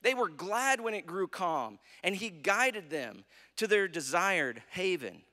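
A man's voice: high-pitched, sing-song, slow, bright, forceful tone. A man with an American accent preaching a sermon, telling a Bible story and acting out its quotes. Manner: storytelling preacher, acts out quotes, asks "right?". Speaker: pastor. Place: church sanctuary. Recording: long hall reverb.

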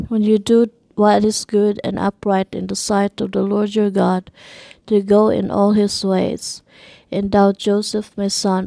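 A woman reading scripture aloud in a steady, measured way, with archaic wording. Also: medium pitch, no room sound. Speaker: scripture reader.

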